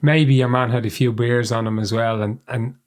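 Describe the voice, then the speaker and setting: A man hosts a casual podcast chat at an ordinary, mid-range pitch. He is blunt, swears freely and keeps repeating his points to drive them home. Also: fairly even intonation, normal speed. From Ireland. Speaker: podcast host.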